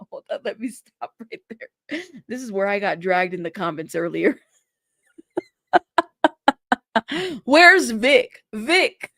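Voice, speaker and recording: A woman with a gravelly, fry-edged voice hosts a commentary stream. She reads courtroom transcripts aloud, then drifts into loose, laughing asides aimed at her audience. The sound is dry and close, with almost no room. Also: a little high, animated, slow pace, pauses often, fairly bright tone, dry recording. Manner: chatty, laughs often, talks directly to her viewers. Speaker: host of a news commentary channel.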